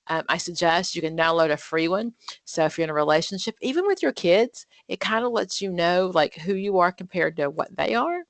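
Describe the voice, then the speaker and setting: Her voice on the low side, expressive and fairly quick, a woman instructor guides a live online study group with no echo in the recording. She reads practice questions out loud, quizzes, and explains in a chatty style marked by frequent fillers and self-corrections.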